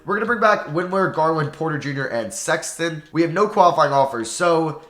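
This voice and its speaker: A man's voice: on the high side, fairly quick. A man with a New York accent giving casual, chatty gameplay commentary, thinking aloud and poking fun at himself. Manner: chatty, excitable, self-deprecating, thinks aloud. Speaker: gaming YouTuber. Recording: roomy echo.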